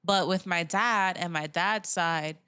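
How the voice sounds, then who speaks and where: A woman's voice: on the low side, takes it slowly, sharp tone, smooth, dry recording, studio quality. A young woman, a mother, chatting candidly as a podcast guest, laughing and quoting herself and her family as she talks. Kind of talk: casual chat.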